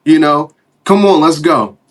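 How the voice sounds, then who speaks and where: A man's voice: on the high side, a little slow. A man giving plain-spoken testimony, searching for the right words. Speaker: near-death experience witness. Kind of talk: earnest testimony.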